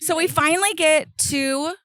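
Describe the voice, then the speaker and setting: High-voiced animated woman storyteller. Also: normal speed, dry recording. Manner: animated storyteller who acts out family members' lines. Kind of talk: casual chat.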